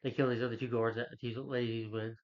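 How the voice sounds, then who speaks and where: A man's voice: mid-range voice, level tone, quick pace. Rambling man recapping a film, lo-fi. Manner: rambling, full of fillers like "you know" and "like". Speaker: film reviewer. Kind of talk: casual spoken movie recap.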